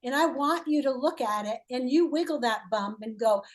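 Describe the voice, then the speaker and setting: A woman's voice: sits high, moderate pace, hardly any pauses. A woman leading a healing coaching call, playful and encouraging, asking leading questions.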